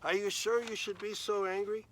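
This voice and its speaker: A patient God who reasons calmly and asks gentle questions, as a man retells the story. The voice sits slightly high and explains things plainly, like someone making a point kindly. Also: moderate pace, a little hiss or hum. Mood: reasoning.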